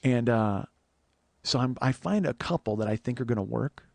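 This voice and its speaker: A comedian hosting his podcast tells a rambling, profane, self-deprecating solo story full of restarts, speaking into a close microphone. His mid-range voice is expressive, gravelly and a little mellow at normal speed, with no room sound.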